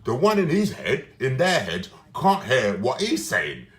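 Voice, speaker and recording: A man's voice: medium pitch, huge pitch swings, unhurried, a bit bright. A man, ranting in a rambling, agitated way and swearing, indoors in his room. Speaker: vlogger. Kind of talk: rambling casual monologue. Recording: roomy echo.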